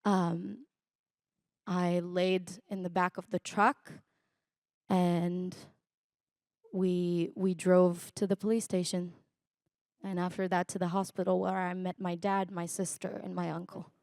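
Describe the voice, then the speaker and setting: Slow-spoken young woman. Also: fairly low pitch, level tone, gravelly, a little mellow, dry recording, studio quality. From Israel. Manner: reflective, halting with fillers. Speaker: interview guest. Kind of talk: recounting a personal story. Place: conference stage.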